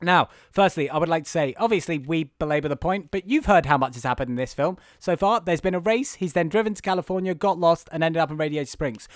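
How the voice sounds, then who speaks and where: High-voiced young man ranting about a film. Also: fast, few pauses, no echo, studio quality. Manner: rambling, swearing, goes loud and high when ranting. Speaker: podcast co-host. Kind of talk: casual comedic film recap.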